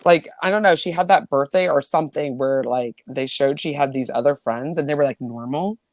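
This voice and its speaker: A woman's voice: a bass voice, fairly quick, no room sound. A woman hosting a casual chat, rambling and giggly, with lots of "like". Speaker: host.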